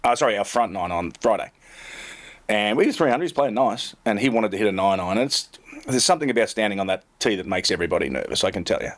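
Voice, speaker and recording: A man's voice: lowish voice, lively intonation, fast talker. A middle-aged man, a tour caddy and co-host, telling rambling, self-mocking stories in casual chat full of fillers.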